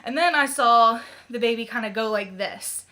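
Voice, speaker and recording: Young woman, casual vlog chat, giggly, lots of ums, bright voice. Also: on the high side, moderate pace. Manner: chatty, giggly, with many ums and likes. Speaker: vlogger.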